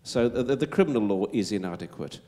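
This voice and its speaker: A man's voice: fairly low pitch, expressive, fast talker, warm tone. A middle-aged man with a Wolverhampton accent answering as a panelist, emphatic and stumbling into repeated words as he builds his point.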